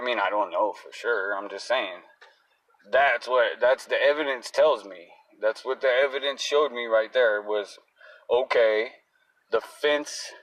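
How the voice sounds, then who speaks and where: Man ranting from a distance. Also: fairly low pitch. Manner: agitated, blunt, swears often. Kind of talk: casual profane rant to camera.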